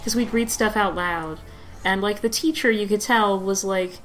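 A woman's voice: medium pitch, normal speed, fairly bright tone, slight background noise, poor audio. A young woman giving casual gameplay commentary, rambling with lots of fillers and giggles. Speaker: let's play host.

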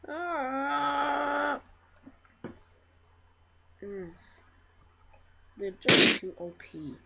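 A woman giving casual let's-play commentary on her own game, excitable and trash-talking. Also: high voice, vocal fry. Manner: excitable, trash-talking, quick to get frustrated. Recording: loud noise and mouse clicks behind.

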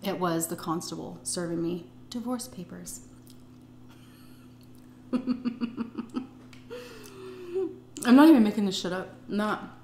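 A woman's voice: on the low side, slow pace, long pauses, a little mellow, reverberant, a little hiss or hum. A middle-aged woman vlogger telling a personal story in a casual, blunt and profane way. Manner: blunt and profane, vivid retelling. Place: indoors at home, eating on camera.

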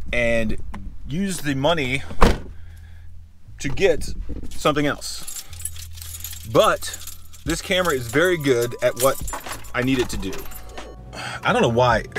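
A man's voice: mid-range voice, fairly bright tone, a little hiss or hum. A man chatting casually into a handheld camera as he goes about his day, rambling and interrupting himself. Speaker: vlogger. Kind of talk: casual vlog chat. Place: outdoors, in a car, and in a store. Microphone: handheld action camera. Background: lofi music.

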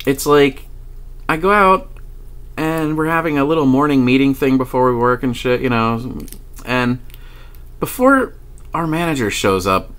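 Speaking at medium pitch, a man vlogs about something that happened to him, keeping it loose and lively with plenty of cursing and laughter.

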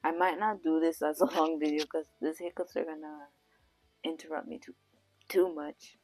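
A woman with the hiccups talks slowly through math puzzles in a low, husky voice with plenty of vocal fry. She keeps stopping to say sorry and fix her words. The sound is dry and close, with faint music underneath. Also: fairly even intonation, a little mellow, no room sound, poor audio. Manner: frequent self-corrections with "sorry". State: has the hiccups. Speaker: vlogger. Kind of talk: casual vlog reading math puzzles.

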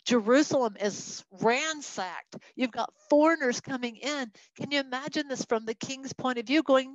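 A fairly high-pitched woman leads a Bible study with animated delivery, acting out the voices of the people she quotes. The sound is dry and a little dull. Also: moderate pace, few pauses, no room sound. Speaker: Bible teacher.

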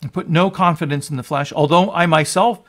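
A man in his sixties, a pastor preaching, moving from quiet teaching to loud, fervent proclamation. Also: fairly high pitch, a little fast. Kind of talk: sermon.

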